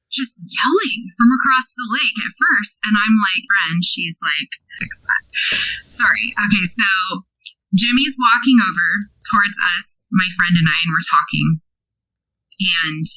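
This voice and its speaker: Bright-voiced chatty woman from Oregon. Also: mid-range voice, dry recording, low-quality recording. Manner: chatty, animated, with quick asides and apologies. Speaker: guest. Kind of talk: casual storytelling.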